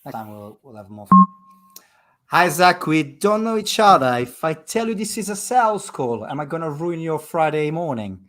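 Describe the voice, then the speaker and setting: A man talking through a headset with a voice a little higher than most men's. He banters and jokes, mocks himself and moves briskly between chatter and a sales pitch. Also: sing-song, fairly bright tone. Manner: joking, fast-talking, self-mocking. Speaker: sales trainer cold calling on a stream. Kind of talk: casual banter and sales calls.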